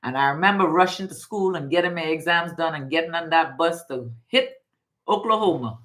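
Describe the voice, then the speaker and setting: With a brisk, fairly bright voice that sits low, this middle-aged Guyanese woman reads cards and tells stories in a casual spiritual session. Her talk is emphatic, and she repeats phrases a lot.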